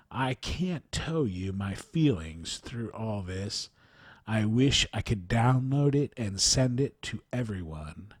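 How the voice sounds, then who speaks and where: Slow, earnest man reading a testimony. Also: mid-range voice, breathy edge, no echo, studio quality. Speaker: narrator reading a near-death account. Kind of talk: reading a written testimony aloud.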